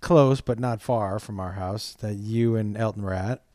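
A man's voice: lowish voice, normal speed, mellow, no room sound, clean studio sound. A man hosting a casual chat, blunt and teasing, who laughs as he tells stories.

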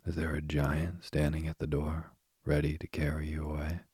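A man voicing a stern old king and father in a measured storybook reading. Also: very deep voice, completely flat delivery, a little mellow, slightly rough, dry recording, studio quality, exaggerated voice.

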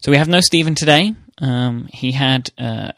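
A man's voice: medium pitch, moderate pace, fairly bright tone, no echo, studio quality. A man hosting a podcast, chatting in a friendly, teasing way. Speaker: podcast host. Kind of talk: casual chat.

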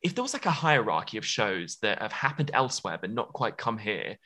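Quick talking british guy hosting, bright sharp tone, gushes on and on. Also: lowish voice, very animated. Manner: effusive, long winding questions. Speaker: host. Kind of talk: interview.

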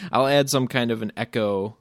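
Slow-talking wry podcast man. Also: mid-range voice, no room sound. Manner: dry, wry one-liners, laughs often. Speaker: podcast co-host. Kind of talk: casual chat.

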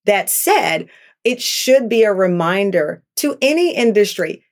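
A woman in her fifties talks candidly as an interview guest. She tells stories with animation and jumps into a raised voice when she acts out past exchanges. Her pitch sits in the middle for a woman. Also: sing-song, measured pace. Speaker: talk show host, guest.

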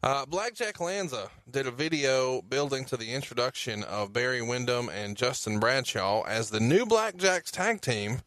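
A man's voice: medium pitch, lively intonation, normal speed, few pauses, a bit bright, no room sound. A man co-hosting a podcast, reading quotes and prompting his partner with questions in a casual chat. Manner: prompting, reads quotes, plugs. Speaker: podcast co-host.

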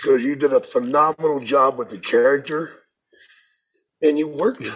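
A middle-aged podcast co-host speaking casually, with blunt, emphatic reactions. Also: male voice, mid-range voice, steady tone, normal speed, a bit bright, slightly rough. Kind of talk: casual chat.

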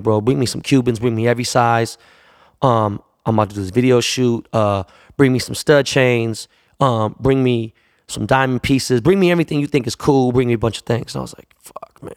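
A man's voice: medium pitch, gravelly, dry recording, clean studio sound. A man, a jeweler, telling a long casual anecdote in a profane, rambling way, acting out the people he quotes. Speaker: jeweler and store owner.

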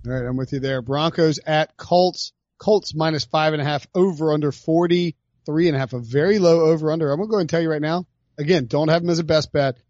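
A man's voice: on the high side, a little fast, a little mellow, no room sound, muffled recording. A man hosting a podcast, chatting casually about football picks with jokey asides. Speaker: podcast host. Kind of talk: casual sports betting chat.

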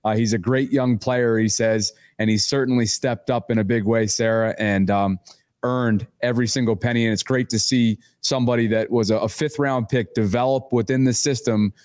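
A man's voice: medium pitch, fairly even intonation, normal speed, darkish tone. Easygoing male co-host. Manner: easygoing, teasing. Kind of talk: casual chat.

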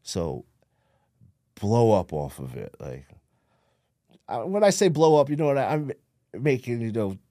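A man's voice: medium pitch, big pitch swings, a little slow, long pauses, dark tone, dry recording, clean studio sound. A man from New Jersey with a New Jersey accent, telling his story bluntly in a casual interview, swearing freely and acting out what people said. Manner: streetwise, blunt, swears a lot, acts out quotes. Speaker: podcast guest.

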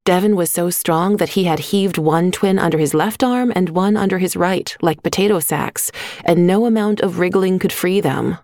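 An audiobook narrator with a low, slightly mellow female voice reads a scripted story at a moderate pace. The recording is studio quality with no room sound.

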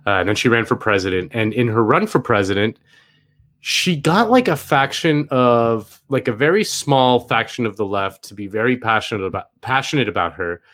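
A man's voice: mid-range voice, expressive, normal speed, a bit bright. A man co-hosting a casual political podcast, rambling and wry, with many fillers. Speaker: podcast co-host.

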